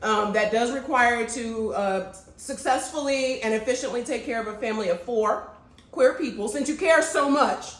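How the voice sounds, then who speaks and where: A woman's voice: fairly high pitch, normal speed. A woman from Florida co-hosting a casual chat, talking bluntly and emphatically with some swearing. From Florida, USA. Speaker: podcast co-host. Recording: echoey room.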